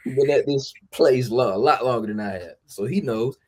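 A man's voice: mid-range voice, brisk, breathy edge. A man chatting as a podcast guest, telling loose, profane stories in a laid-back way. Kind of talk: casual storytelling chat.

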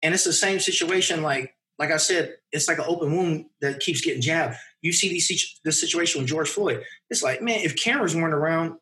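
A man in his thirties, a podcast guest, telling a personal story in a casual, animated way and acting out the people in it. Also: a little high, brisk, few pauses. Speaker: podcast guest, mountain runner.

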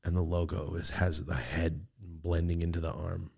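A young man co-hosting a casual podcast, ranting in an animated way and swearing freely. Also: sits low, normal speed, vocal fry, slightly rough. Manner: animated ranting, swearing, jumps into shouted impressions. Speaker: podcast co-host.

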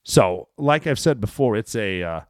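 A man's voice: fairly low pitch, lively intonation, moderate pace, no echo. Rambling, profane male storyteller. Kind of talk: casual storytelling.

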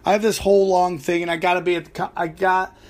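High-voiced, ranting comedian. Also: male voice, fast. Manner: profane, animated storytelling with fillers. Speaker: stand-up comedian and podcast host. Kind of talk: ranting podcast monologue.

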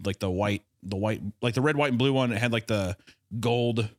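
A man's voice: mid-range voice, normal speed, no echo, clean studio sound. A man hosting a podcast in casual chat, rambling and teasing his friends with frequent laughter and swearing. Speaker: podcast host.

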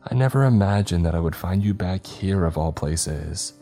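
A stern, determined woman who stands her ground, voiced by a male narrator. Her lines come firm and commanding in an extremely deep, dark tone, with faint music underneath. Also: animated, normal speed. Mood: quiet.

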